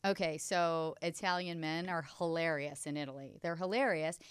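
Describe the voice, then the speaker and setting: A middle-aged woman hosts a talk show and chats casually with a guest. Her voice is smooth and resonant, and she speaks in firm, emphatic opinions and laughs often. The sound is close and dry. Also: low-pitched, normal speed, dry recording. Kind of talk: casual chat.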